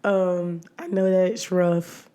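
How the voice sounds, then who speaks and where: Hoarse woman, podcast host, voice nearly gone, unhurried delivery, chatty, laughing often. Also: on the low side, fairly even intonation, mellow. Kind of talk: casual solo podcast chat.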